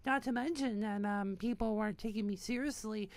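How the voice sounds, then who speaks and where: This online community founder, a woman in her thirties from New Hampshire, speaks briskly in a mid-range voice with no echo. Her monologue is a bitter, profane, rambling rant full of restarts.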